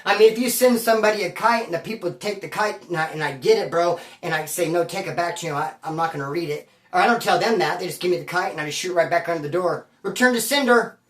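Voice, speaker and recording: A man's voice: high-pitched, fast, hardly any pauses, fairly bright tone, recorded from a distance. Streetwise man in a roomy, off-mic echo. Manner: streetwise slang, profane, rambling with restarts. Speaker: former prisoner telling a prison story. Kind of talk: casual storytelling to camera.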